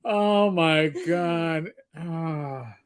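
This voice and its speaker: A man's voice: on the high side, extremely slow, smooth. A middle-aged man co-hosting a casual livestream, telling rambling, joking stories with frequent restarts. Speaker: co-host.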